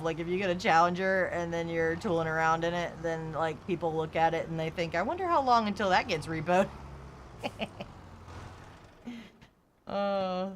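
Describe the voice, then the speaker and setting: A woman's voice: lowish voice, a bit bright, slight background noise. A woman streamer chatting casually, telling car stories and laughing often. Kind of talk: casual chat.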